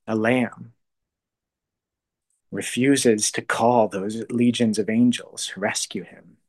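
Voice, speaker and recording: Soft-spoken man musing on faith. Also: on the low side. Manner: thoughtful, halting, often trails to a soft hush. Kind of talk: casual spoken reflection on faith.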